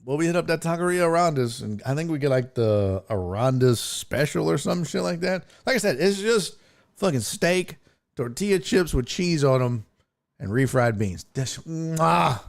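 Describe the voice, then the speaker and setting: A man's voice: a little high, animated, moderate pace, gravelly. A man hosting a casual livestream, reading viewer comments in a loose, profane way and laughing often. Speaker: sports talk show host.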